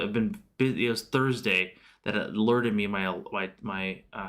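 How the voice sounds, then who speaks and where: A man's voice: lowish voice, a bit bright. A man hosting a casual live stream about stocks, loose and chatty with lots of fillers, answering viewers' questions. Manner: loose and chatty, many fillers and self-corrections. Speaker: livestream host.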